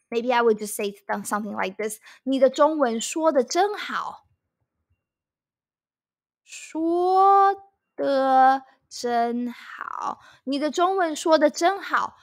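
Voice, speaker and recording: High, bright-voiced woman teaching Mandarin. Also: lively intonation. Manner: slow, repeating phrases for learners; mixes English explanation with Mandarin examples. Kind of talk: language lesson explanation.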